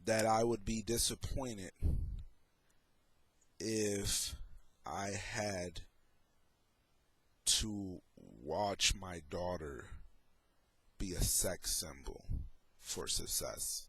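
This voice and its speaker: A man's voice: fairly low pitch, steady tone, fairly bright tone, husky, no room sound. A middle-aged man talking in a casual, sarcastic way as he comments on photos and his own troubles. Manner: sarcastic, slow and deliberate. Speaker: vlogger.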